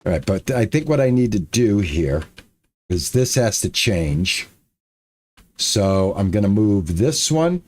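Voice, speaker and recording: Man, gaming streamer, slow and lively-pitched, chatty self-talk while he builds. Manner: talks to himself while building, frustrated muttering and repeats. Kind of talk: casual let's-play commentary.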